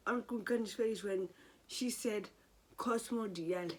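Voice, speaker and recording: Slow-talking woman recapping. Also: medium pitch, slightly rough. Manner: animated, exasperated. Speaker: soap opera recap vlogger. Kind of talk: casual episode recap.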